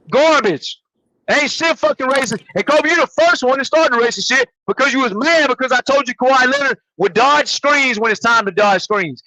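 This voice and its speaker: High-pitched man ranting angrily. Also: bright, forceful tone, no echo, low-quality recording. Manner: angry, profane, fast ranting. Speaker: podcast co-host. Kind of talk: heated podcast rant.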